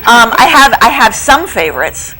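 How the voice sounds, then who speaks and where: A middle-aged woman who runs a bookstore, chatting as a guest in a local TV studio interview, animated and quick to laugh as she retells plots. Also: low-quality recording. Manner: acts out quoted lines in a higher voice. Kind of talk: casual TV interview chat.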